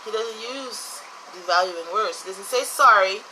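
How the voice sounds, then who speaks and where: Blunt, bright-voiced woman giving advice. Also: mid-range voice, unhurried, slight background noise, poor audio. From United States. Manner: blunt, profane, emphatic. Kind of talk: casual monologue.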